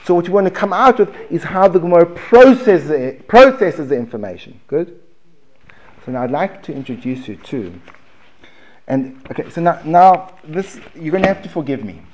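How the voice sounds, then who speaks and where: A man with a South African accent teaching a Talmud class in a relaxed, conversational way, restarting phrases and checking in with his students. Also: on the high side, normal speed. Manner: conversational, repeats words and restarts, asks the room questions. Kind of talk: informal classroom lecture. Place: basement classroom.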